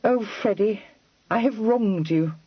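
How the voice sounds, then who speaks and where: A man voicing a spirited, quick-tempered young Regency heiress in an audiobook, talking in an impatient, exclaiming rush. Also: sits high, breathy edge, dry recording, muffled recording, voice pushed up, heavily acted. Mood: urgent.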